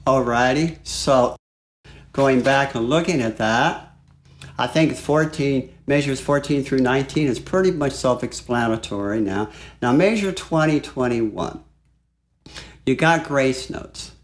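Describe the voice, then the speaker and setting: A man teaching flute in a relaxed, chatty way, walking through a piece and singing phrases aloud. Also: mid-range voice, unhurried. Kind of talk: music lesson. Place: home studio.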